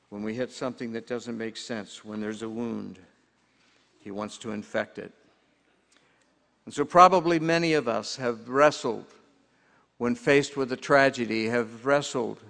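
A man preaching a sermon as pastor, earnest and emphatic, slowing down to stress key words. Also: medium pitch, vocal fry, fairly bright tone. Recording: long hall reverb.

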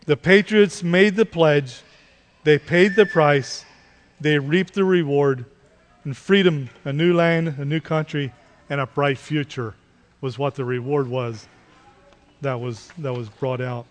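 A man's voice: on the high side, a little slow. A man preaching a Sunday morning sermon as pastor, building to emphatic repeated questions. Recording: long reverb of a large hall.

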